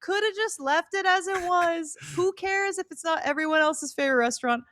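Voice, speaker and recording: A woman's voice: extremely high pitch, brisk, a bit bright. A woman co-hosting a podcast, chatting casually and wryly, laughing often and playing up mock exasperation. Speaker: podcast co-host. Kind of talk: casual storytelling chat.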